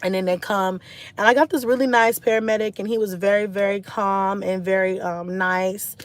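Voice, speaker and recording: A stressed woman telling a personal story to her live stream viewers in a candid, animated way, swearing freely and filling her talk with "like" and "you know.". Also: medium pitch, normal speed. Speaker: vlogger talking to a live stream audience. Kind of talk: casual storytelling.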